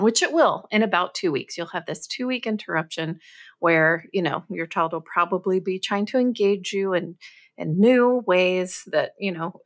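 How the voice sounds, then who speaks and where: An upbeat woman co-hosts a parenting advice podcast. She talks in a chatty, easygoing way and explains things at length with small fillers. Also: fairly low pitch. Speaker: podcast co-host.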